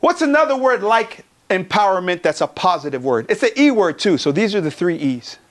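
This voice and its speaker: Guy from california hyping up a conference crowd, cusses a lot, pretty high voice. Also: fairly quick. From Pomona, California. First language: Tongan. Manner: energetic, profane, joking with the crowd. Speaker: keynote speaker. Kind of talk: motivational keynote. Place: conference hall.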